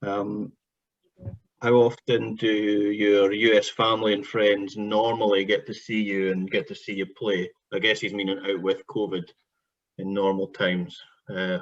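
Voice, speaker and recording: Low-voiced man hosting a video call. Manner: reads viewer questions, relaxed. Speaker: host. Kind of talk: online video call chat show. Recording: dull lo-fi video call audio.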